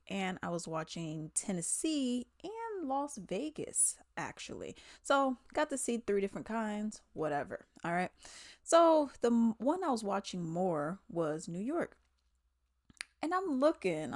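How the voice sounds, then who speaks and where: A woman's voice: medium pitch, a little mellow, no room sound, clean studio sound. A woman in a casual, chatty commentary vlog, talking in slangy asides. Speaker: commentary vlogger. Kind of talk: casual chat.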